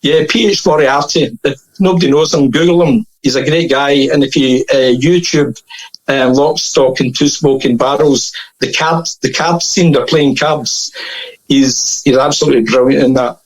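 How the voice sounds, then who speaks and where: A Scottish man chatting as a podcast guest, telling a long anecdote in a casual, lively way and laughing at his own tale. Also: medium pitch, moderate pace, low-quality recording.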